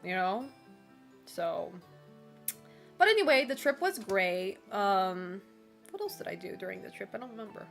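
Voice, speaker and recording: A woman's voice: mid-range voice, lively intonation, normal speed, vocal fry, fairly bright tone, faint music behind. A woman streamer chatting casually with her viewers, loose and filler-heavy, with frequent laughs. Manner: loose and chatty, full of "like" and "you know"; laughs often between remarks. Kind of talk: casual chat with a live chat.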